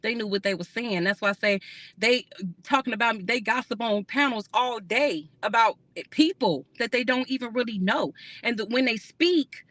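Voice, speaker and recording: Bright-voiced woman chatting on a livestream. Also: fairly high pitch, normal speed, no room sound. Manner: candid, rambling, salty-mouthed, laughs often. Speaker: livestream host. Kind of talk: casual livestream chat with viewers.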